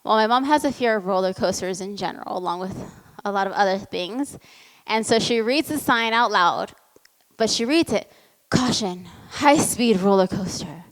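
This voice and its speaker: A woman giving a motivational talk and telling a family story in a lively way. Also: mid-range voice, moderate pace. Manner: lively storytelling, acts out the voices in quotes. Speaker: motivational speaker. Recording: long hall reverb.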